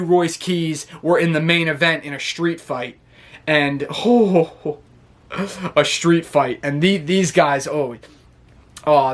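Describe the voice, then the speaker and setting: A man's voice: a little high, a bit bright. A man casually recapping a wrestling show, rambling and laughing often as he acts out what the wrestlers said.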